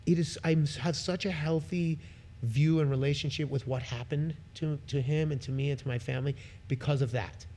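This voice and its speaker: A man's voice: a little high, fairly quick. A middle-aged man telling stories as a podcast guest, acting out the voices of people in them. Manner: animated, acts out voices in his stories. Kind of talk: casual storytelling.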